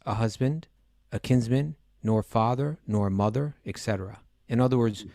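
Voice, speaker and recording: A man's voice: mid-range voice, moderate pace, vocal fry, mellow, no echo. A man on a podcast explaining scripture passages patiently, with frequent restarts and "you know"s. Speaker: teacher and co-host.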